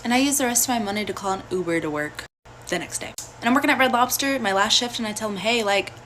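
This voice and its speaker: A young woman telling a personal story in a casual, blunt and profane way, animated throughout. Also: a little high, fast, slight background noise.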